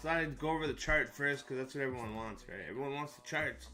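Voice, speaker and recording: A man's voice: mid-range voice, quick pace, bright, forceful tone, soft background music. Hyped, slangy male crypto streamer. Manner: joking, hyped, slangy and swearing. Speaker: live stream host for crypto trading. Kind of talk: casual live-stream chat over charts.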